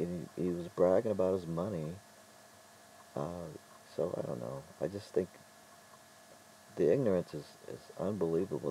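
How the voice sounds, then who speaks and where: A middle-aged man telling stories in a casual vlog monologue, rambling and halting with frequent restarts. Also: deep voice, warm tone, slight background noise, rough recording. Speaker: vlogger.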